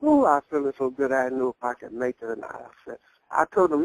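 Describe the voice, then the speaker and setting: A woman's voice: rumbling low, animated, fast, no room sound, poor audio. An older grandmother telling her story in a blunt, candid way and chuckling as she talks. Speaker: interviewee. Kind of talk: casual storytelling.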